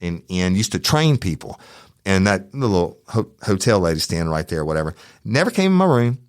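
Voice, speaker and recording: A man's voice: deep voice, big pitch swings, fairly quick, no room sound, clean studio sound. A middle-aged man with a Southern Louisiana accent, telling a heated true crime story on his podcast, cursing often and quoting back-and-forth exchanges. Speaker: podcast host.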